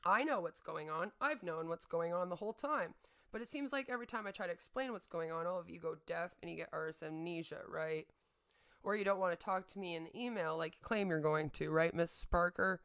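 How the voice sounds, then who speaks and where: Woman host, low gravelly voice, sarcastic and heated, repeats herself for emphasis on stream. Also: brisk, a bit bright. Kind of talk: livestream rant.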